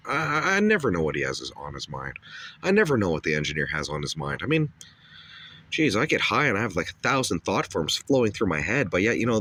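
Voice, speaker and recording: A man's voice: medium pitch, a bit bright. A man rambling profanely through a comedy skit, full of fillers and stoned asides. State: coughing and dizzy after a bong hit.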